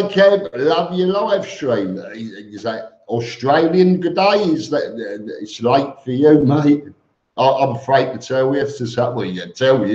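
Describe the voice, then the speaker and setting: Male live-stream host, slow and chatty, in an echoey room, muffled lo-fi sound. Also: medium pitch, a little mellow. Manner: greets viewers by name, chatty. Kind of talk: casual live stream chat reading comments. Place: home room with fans on.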